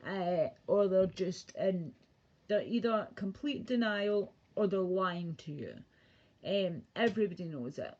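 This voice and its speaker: A woman's voice: medium pitch, lively intonation, a little slow, darkish tone. A woman ranting casually and profanely on a livestream, rambling from one thought to the next. The sound is muffled, lo-fi audio. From Britain.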